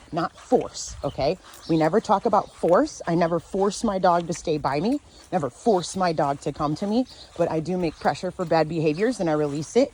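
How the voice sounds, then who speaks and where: A woman dog trainer teaching outdoors, calm and sure as she explains leash handling. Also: deep voice, a little hiss or hum. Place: outdoors near a fenced dog area.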